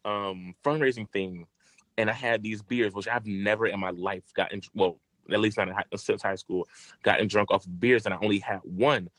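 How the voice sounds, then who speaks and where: Man, low voice, dry close sound, rambling profane storytelling, casual podcast chat. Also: steady tone, normal speed, fairly bright tone, no room sound. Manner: rambling, profane, full of fillers.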